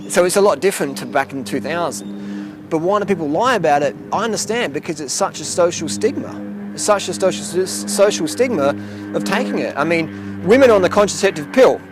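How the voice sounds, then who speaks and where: A man's voice: sits high, animated, fairly quick, over music. A man vlogging outdoors, ranting bluntly and profanely in a rambling way. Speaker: cycling vlogger. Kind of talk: casual rant to camera. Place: outdoors near a boat.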